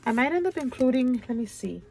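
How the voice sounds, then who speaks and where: A woman's voice: sits high, animated, fairly quick, gravelly, warm tone. Stuffy-nosed gushing craft vlogger woman. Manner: gushing, chatty, keeps saying "you guys". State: stuffy nose. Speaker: craft channel host. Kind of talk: casual show-and-tell chat.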